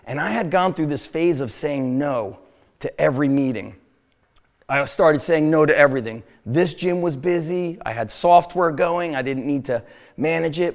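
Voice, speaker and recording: A middle-aged man with a New Jersey accent tells a story in a casual, animated way, swearing and laughing often. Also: fairly high pitch. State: sick, throat sore. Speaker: gym owner telling a story.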